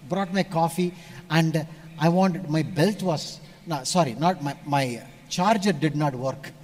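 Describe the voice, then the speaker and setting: A man's voice: on the high side, measured pace. Male preacher telling stories. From India. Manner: storytelling, animated shifts between loud and hushed. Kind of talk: sermon.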